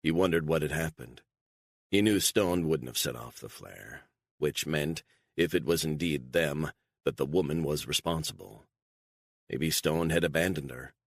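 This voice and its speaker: A man with a deep voice narrates a spy thriller audiobook. His reading is measured and even. The recording is dry and close. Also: gravelly, no echo. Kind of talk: scripted narration.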